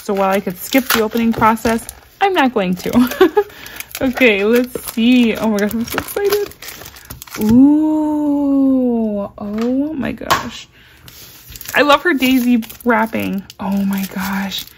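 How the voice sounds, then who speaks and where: A woman vlogger unboxing a package in casual chat, gushing with excitement and reading cards aloud slowly. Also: a little high, noisy background.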